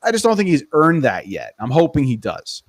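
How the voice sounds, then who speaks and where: A man hosting a sports podcast in a casual, animated, opinionated way. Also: a little high, fairly quick, no echo. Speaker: podcast host.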